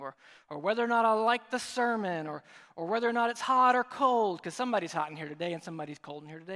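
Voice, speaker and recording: A man's voice: sits high, fairly bright tone. A man preaching a sermon as pastor, conversational and joking now and then. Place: large church sanctuary. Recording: reverberant hall.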